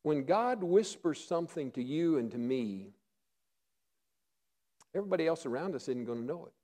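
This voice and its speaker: A middle-aged male pastor preaching a sermon, earnest, often dropping to a hush for emphasis. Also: on the high side, lively intonation, moderate pace.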